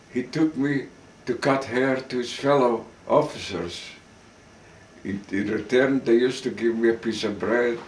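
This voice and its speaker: An older man giving recorded testimony, telling his account in a halting way, often restarting words. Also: mid-range voice, a little hiss or hum. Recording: roomy recording from a distance.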